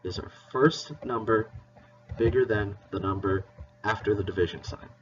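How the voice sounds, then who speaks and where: A male teacher with a fairly low voice spells out words while leading a playful, encouraging math lesson for kids at a moderate pace. He's recorded from a distance, with soft background music, and the lo-fi sound is dull with a faint hiss.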